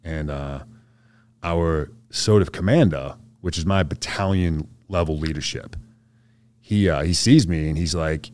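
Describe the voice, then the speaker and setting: A man's voice: low voice, measured pace, a little mellow. A man, a soldier guest on a podcast, telling a story in a laid-back, slangy way and acting out what others said. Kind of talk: casual storytelling interview.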